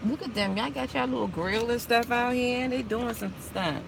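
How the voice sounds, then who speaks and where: A woman's voice: a little high, normal speed, gravelly. Chatty woman vlogging from a parked car. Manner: chatty, storytelling, laughs often. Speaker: vlogger and property manager. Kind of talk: casual live chat to viewers. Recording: street noise from outside the car.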